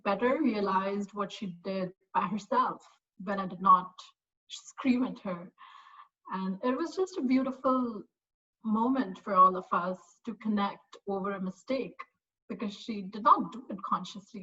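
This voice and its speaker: Bright-voiced mother sharing a testimonial. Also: medium pitch, dull audio. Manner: casual and reflective, with many fillers. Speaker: parent and course graduate. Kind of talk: personal testimonial.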